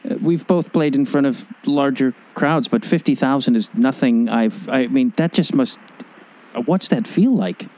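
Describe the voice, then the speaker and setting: A man hosting an interview, asking relaxed, curious, rambling questions in a casual chat. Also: mid-range voice, moderate pace, low-quality recording. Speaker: podcast host.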